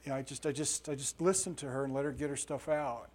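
A man's voice: mid-range voice, fairly even intonation, fast, darkish tone. A middle-aged man, a pastor, teaching a bible study in a conversational, joking way and asking his group questions. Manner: conversational, jokey, asks the audience questions.

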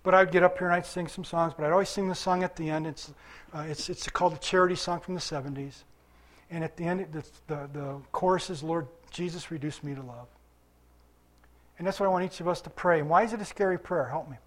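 A man's voice: sits high, fairly even intonation, fast, fairly bright tone. An older man preaching a sermon to his congregation, conversational, asking questions and waiting for answers, recovering from illness. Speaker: pastor.

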